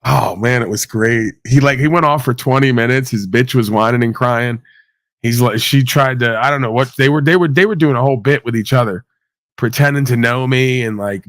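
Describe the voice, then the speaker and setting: A man's voice: mid-range voice, normal speed, a bit bright, no room sound. A man hosting a livestream, ranting casually with blunt, sweary sarcasm. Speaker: livestream host.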